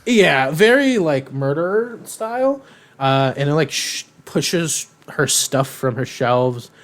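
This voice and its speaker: A man's voice: on the high side, slow pace. Rambling young man recapping a cartoon. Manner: rambling, filler-heavy, animated retelling with quoted voices. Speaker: podcast co-host. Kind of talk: casual chat recapping a cartoon.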